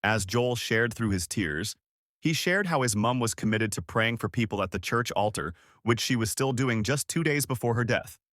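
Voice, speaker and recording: A man's voice: medium pitch, animated, normal speed, fairly bright tone, dry recording, studio quality. A man reading a scripted voice-over in an earnest, polished way. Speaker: narrator.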